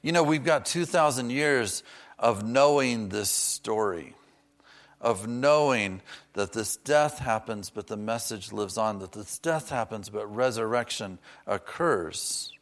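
A man preaching a sermon, earnest and personal, slowing down to stress key words and dropping in chatty asides. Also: fairly low pitch, lively intonation.

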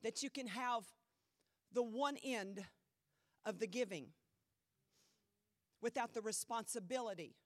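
A woman pastor preaching a sermon in a church, emphatic with dramatic pauses, her voice a little strained. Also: on the high side, dry recording, studio quality. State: voice trouble, slightly strained.

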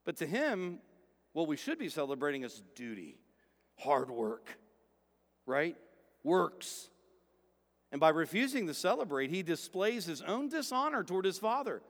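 A man preaches a sermon with a high, very lively voice that climbs to loud emphasis and drops to quiet, low stretches. His voice rings with the long reverb of a large hall. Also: fairly quick. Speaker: pastor.

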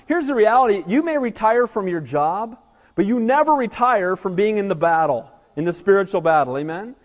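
A man's voice: sits high, lively intonation, normal speed. A male pastor preaching an evening sermon, emphatic and calling for amens from the congregation. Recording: echoey hall reverb.

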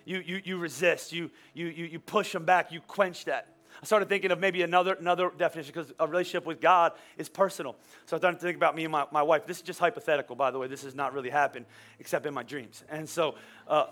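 A man in his forties preaching a sermon as a pastor, animated and storytelling with playful humor. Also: on the high side, quick pace. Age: 40s. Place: church. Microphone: wearing a microphone.

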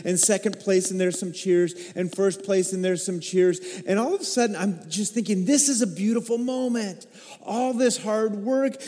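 A middle-aged male pastor preaching a sermon, telling stories emotionally and building to excited peaks. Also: sits high. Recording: long hall reverb.

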